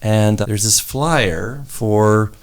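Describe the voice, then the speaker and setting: Older man with a gravelly low voice. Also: takes it slowly. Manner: rambling, repeats words, acts out quoted voices. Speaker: guest. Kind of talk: storytelling in a conversation.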